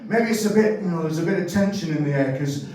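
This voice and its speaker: A man doing a stand-up comedy set, telling rambling, animated stories and correcting himself as he goes. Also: on the high side, quick pace. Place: comedy club stage. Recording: very echoey room, mic at a distance.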